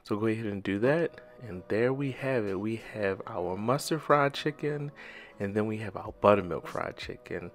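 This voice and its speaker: A man's voice: lowish voice, moderate pace. A man hosting a casual home cooking vlog and tasting food in his kitchen, talking eagerly and directly to his viewers. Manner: chatty, enthusiastic, talks straight to viewers. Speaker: cooking channel host. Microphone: handheld microphone.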